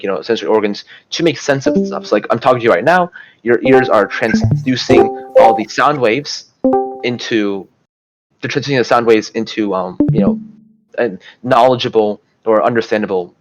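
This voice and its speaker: A man's voice: medium pitch, highs cut off. A young man giving a casual, rambling study lecture, full of fillers like "you know" and "like", and restarting his sentences often. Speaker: student tutor.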